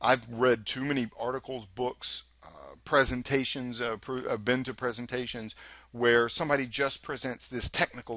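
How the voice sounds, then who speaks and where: A man's voice: medium pitch, sharp tone, no room sound. Chatty man teaching a tech lesson. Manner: chatty and conversational, asks rhetorical questions. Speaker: instructor. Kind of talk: recorded technical lecture.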